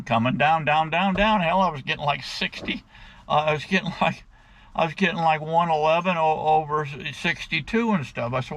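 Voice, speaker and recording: A man's voice: medium pitch, fairly bright tone, lo-fi sound. A middle-aged man in a casual rant to his viewers, blunt and crude, often calling them "guys". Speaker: vlogger.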